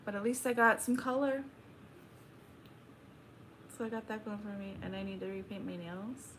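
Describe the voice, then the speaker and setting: A young woman hosting a casual livestream, reading chat aloud and chatting back in a slow, laid-back drawl. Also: on the high side, slight background noise.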